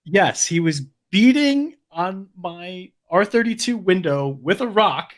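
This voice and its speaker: A man co-hosting a podcast, calm and teasing, building a story up at a measured pace. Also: high-pitched. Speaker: podcast co-host. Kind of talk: casual storytelling.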